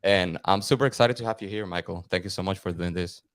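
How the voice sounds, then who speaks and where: A man's voice: sits low, quick pace, no echo. A man hosting a podcast, upbeat and friendly, introducing his guest with fillers. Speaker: podcast host. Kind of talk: casual interview hosting.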